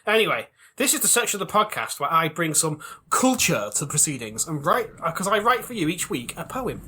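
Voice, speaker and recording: A man's voice: a little high, big pitch swings, brisk, bright, forceful tone, breathy edge. A man co-hosting a crude comedy podcast, playful, swearing and laughing often. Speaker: podcast co-host.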